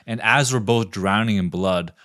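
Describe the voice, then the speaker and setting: On a podcast panel, this man wanders through an absurd, crude comedic tale heavy with profanity. His fairly low, fairly bright voice moves at a normal speed, captured in a dry, studio-quality recording.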